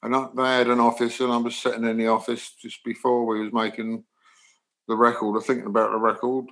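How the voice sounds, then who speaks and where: Older English musician guest, chatty storyteller with animated delivery. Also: male voice, medium pitch, rough recording. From England. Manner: animated anecdotes, acts out dialogue. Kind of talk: storytelling interview.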